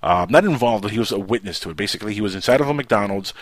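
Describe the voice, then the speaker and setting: A man hosting a podcast and telling a long story in casual chat, rambling and animated. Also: fairly low pitch, very fast, dry recording. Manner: rambling, animated, keeps saying "check this out". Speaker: podcast host.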